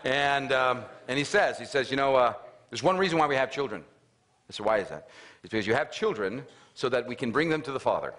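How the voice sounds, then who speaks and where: Man, middle-aged, motivational speaker, lively pitch, storytelling, humorous, acts out dialogue. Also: quick pace. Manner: animated storyteller, acts out his father's lines with raised voice. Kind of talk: storytelling talk to an audience.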